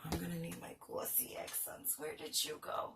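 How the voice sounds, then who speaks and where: A woman's voice: on the low side, flat delivery, moderate pace, creaky, noisy background. A woman hosting a craft video, chatting casually, mocking herself and laughing often as she works. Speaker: craft channel host. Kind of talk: casual craft-along chat.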